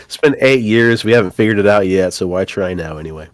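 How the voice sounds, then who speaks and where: Casting note: man, congested nasal voice, slightly low, laid-back jokey podcast host, dry sound. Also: expressive, quick pace, no echo. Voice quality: nasal, stuffed up. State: congested from a cold. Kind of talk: casual chat.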